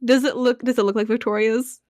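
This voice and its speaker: A casual woman at a tabletop game, often pausing with fillers. Her voice is a touch high and the sound dry. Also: steady tone, darkish tone, no echo. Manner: casual, hesitant, many fillers. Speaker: player.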